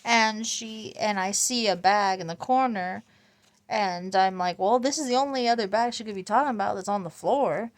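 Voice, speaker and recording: A woman's voice: mid-range voice, moderate pace. A woman casually telling a family story, rambling and restarting often and laughing between lines. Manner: quotes family members in livelier voices. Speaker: vlogger.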